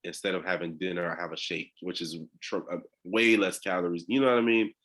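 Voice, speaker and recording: A man's voice: low-pitched, fairly even intonation, a little fast, fairly bright tone. A man on a video call with his coaches, talking casually in a slangy, laid-back way with lots of fillers and restarts. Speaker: coaching client.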